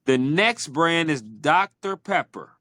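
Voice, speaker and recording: A man hosting a podcast, asking quick either-or questions in a playful, teasing way. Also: on the high side, lively intonation, bright, forceful tone, no room sound, clean studio sound. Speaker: podcast host. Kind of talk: casual interview chat.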